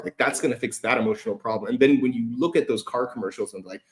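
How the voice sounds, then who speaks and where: This medium-pitched man speaks at a quick pace while hosting a relaxed feedback chat, swearing freely and leaning heavily on filler words.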